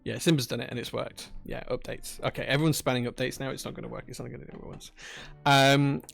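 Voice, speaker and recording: Gravelly man chatting on a live stream. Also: medium pitch, fairly even intonation, quick pace, a bit bright, soft background music. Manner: distracted, muttering to himself while setting up chat commands. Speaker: livestream host. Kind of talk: casual live-stream chat. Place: home workshop.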